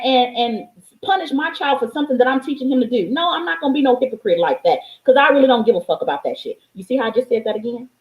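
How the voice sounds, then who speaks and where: Woman life coach going off to the camera, kinda high voice, says stuff twice for emphasis, swears a lot, echoey room. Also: lively intonation, fast talker, darkish tone. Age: adult, parent of a young child. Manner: emphatic, preachy, repeats lines for stress, swears freely. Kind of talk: motivational vlog monologue.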